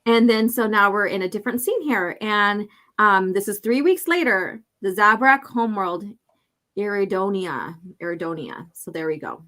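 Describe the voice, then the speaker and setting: A woman's voice: medium pitch, normal speed, bright, forceful tone. A woman co-hosting a casual chat, reading a comic aloud, laughing often and acting out quoted lines. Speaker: podcast co-host.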